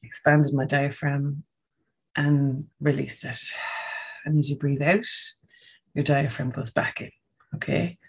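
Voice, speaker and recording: A woman's voice: low-pitched, little pitch movement, slow pace, creaky, pauses often, slightly rough. A woman giving a casual, coaching podcast talk on breathing, often checking in with "okay?".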